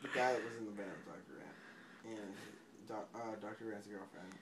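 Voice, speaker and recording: A man's voice: on the low side, moderate pace, creaky, background noise. A drunk young man retelling a film in a rambling, swearing way, often laughing and tripping over his words.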